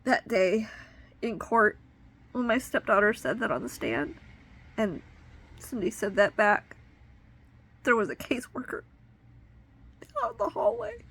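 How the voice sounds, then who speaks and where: A woman's voice: a little high, very animated, a little slow, gravelly, long pauses, fairly bright tone, slightly rough. A woman in her thirties telling a personal story with emotional, indignant retelling. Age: 30s. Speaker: vlogger.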